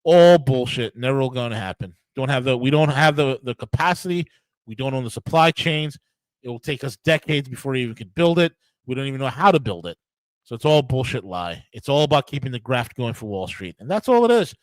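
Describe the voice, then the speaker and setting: With an animated, mid-range voice and a fairly quick pace, a US man hosting his own podcast rages profanely about politics. Restarts and emphatic repetition are frequent, and the rough recording has no echo.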